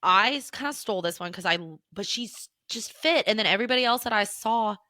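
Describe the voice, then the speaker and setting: An enthusiastic young woman gushes about a fantasy novel in casual podcast chat, dropping the odd swear word. Her voice is bright and forward, recorded dry and close. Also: mid-range voice, a little fast, dry recording. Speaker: podcast co-host.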